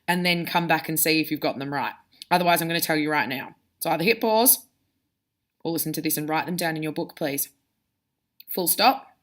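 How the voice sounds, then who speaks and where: A woman teacher giving a recorded lesson to her pupils. She explains step by step in a clear, direct way, speaking straight to the students. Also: medium pitch, a bit bright.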